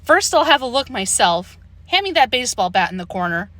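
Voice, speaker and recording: A woman voicing a calm, practical mother, matter-of-fact, bright-toned. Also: a little high, a little fast, no echo.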